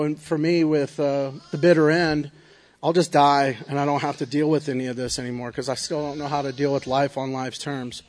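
A man's voice: on the high side, darkish tone. A man giving a personal recovery testimony in an earnest, confessional way, often checking in with "right?". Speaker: recovery speaker.

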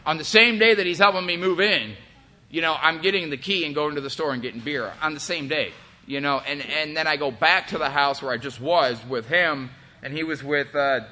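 A man's voice: a little high, sharp tone. A man in his forties giving a candid, rambling personal testimony about recovery, profane and full of fillers. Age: 40s. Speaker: recovery speaker.

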